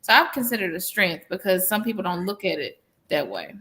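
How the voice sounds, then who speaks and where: A woman on a live stream panel, answering slowly and deliberately. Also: on the low side, sing-song, bright, forceful tone.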